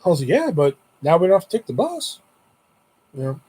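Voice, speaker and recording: A man's voice: a little high, huge pitch swings, fairly quick, mellow, husky. A man telling a long rambling story on his vlog, swearing constantly and acting out the voices of his friends. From Houston area. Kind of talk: casual storytelling.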